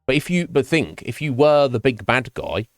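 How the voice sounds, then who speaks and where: A man's voice: medium pitch, big pitch swings, normal speed, no room sound. A man streaming a game and chatting casually with his viewers, musing aloud with lots of fillers and restarts. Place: home streaming setup. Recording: dry close mic, faint game music behind.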